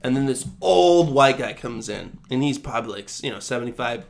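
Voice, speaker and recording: A young man co-hosting a podcast, telling a story in a casual, animated way and laughing often. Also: mid-range voice, fairly quick, creaky. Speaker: podcast co-host. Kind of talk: casual chat.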